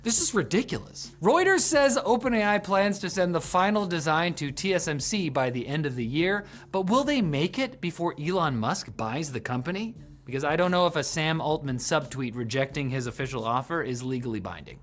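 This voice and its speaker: A man's voice: on the high side, animated, normal speed, fairly bright tone. A man hosting a scripted tech news show, delivering the news with sarcastic jokes.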